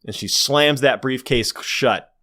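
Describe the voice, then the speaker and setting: A man's voice: mid-range voice, measured pace, bright, forceful tone. Enthusiastic man narrating a movie plot. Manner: enthusiastic, breaks into narrated quotes. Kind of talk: casual movie recap chat.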